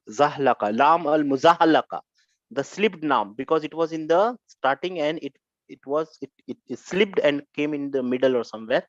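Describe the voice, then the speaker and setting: A male Arabic grammar teacher leading a live online class, repeating phrases and checking on students with quick "huh?" prompts. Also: on the high side, no room sound, highs cut off.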